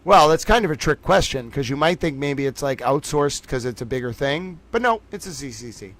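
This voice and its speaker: An excitable man runs a casual livestream quiz, his voice sitting a bit high for a man. He cheers viewers on by name, then drops to a quiet mutter while he sorts out the scores. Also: fairly quick. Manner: excitable, praises viewers by name, swings between loud and quiet. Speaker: livestream host running trivia.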